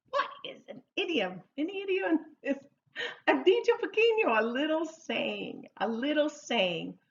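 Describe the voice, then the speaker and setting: A woman teaching English idioms in a slow, repetitive lesson, playfully drawing out each phrase for learners to repeat. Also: fairly high pitch, dull audio. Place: Oregon.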